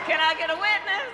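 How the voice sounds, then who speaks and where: A woman speaking at a rally, hammering repeated lines in a rhythmic call-and-response. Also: very high-pitched. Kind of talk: rally speech. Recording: clip with loud crowd.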